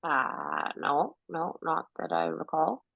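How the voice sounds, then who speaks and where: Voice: mid-range voice, expressive, slow, gravelly, dry recording, narrow, tinny audio. A player in a tabletop game, speaking hesitantly and stammering in character.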